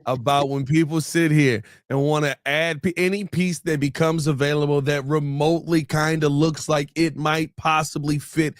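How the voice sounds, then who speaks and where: A man's voice: on the high side, steady tone, moderate pace, few pauses, no echo, studio quality. A man hosting a casual sports talk show, blunt and opinionated with a joking edge. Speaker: sports podcast host.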